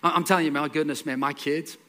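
A man preaching a sermon, telling a scripture story with lively acted-out dialogue, repeating words and dropping into soft asides. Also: a little high, quick pace. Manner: animated storytelling, acts out dialogue. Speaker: pastor.

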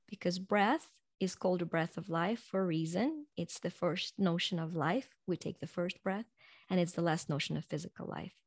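A woman speaking as a guest in an earnest, reflective motivational talk, going soft and slow when guiding breathing and laughing lightly between points. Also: on the low side, no room sound, studio quality.

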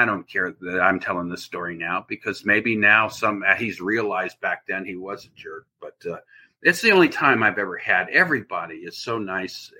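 Guy with a kinda husky lowish voice, rambling through a story, pushy and forceful. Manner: rambling, animated anecdote telling. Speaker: actor guest. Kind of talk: casual storytelling interview.

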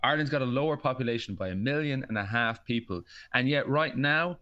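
Irish male podcast host, wry and explanatory, mid pitch, dull lo-fi sound. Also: fairly quick, bright, forceful tone. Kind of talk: casual podcast chat.

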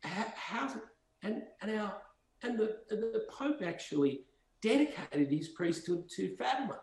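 A man's voice: sits high, lively intonation, measured pace, darkish tone. A man as a podcast guest, telling rambling, impassioned stories in conversation. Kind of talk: storytelling conversation. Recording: roomy echo.

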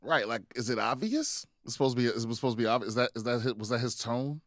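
A man talking casually on a podcast, swearing freely and circling back on his own sentences. His voice sits at a middle pitch. The sound is dry and close, with no room around it. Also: animated, quick pace, no echo. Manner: rambling, profane storytelling with many restarts. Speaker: podcast co-host. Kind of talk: casual chat.

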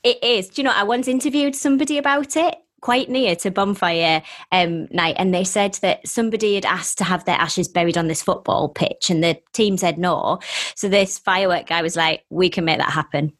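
Bubbly female guest, jokey and mid-pitched. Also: normal speed, a bit bright. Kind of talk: casual chat.

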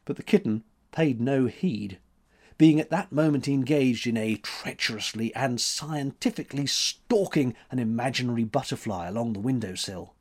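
A man reading a story aloud in measured, expressive narration. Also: medium pitch. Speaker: audiobook narrator. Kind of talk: scripted narration.

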